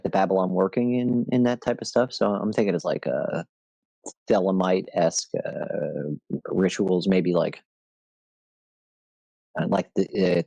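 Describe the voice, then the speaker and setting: A man's voice: lowish voice, creaky, a little mellow, no room sound. Rambling, joking young man on a podcast. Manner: rambling, filler-heavy storytelling with jokey put-on quotes. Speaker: podcast guest. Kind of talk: casual podcast chat.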